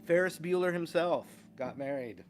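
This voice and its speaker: A man hosting a casual livestream, reading out viewer names and chatting at an easygoing pace with small laughs. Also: a little high. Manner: slow, easygoing, chuckles between names. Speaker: guitar teacher and livestream host.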